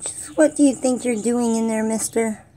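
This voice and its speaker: A woman's voice: a little high, fairly even intonation, moderate pace, warm tone. A woman vlogger giving casual running commentary as she watches squirrels, talking both to the animals and to her viewers.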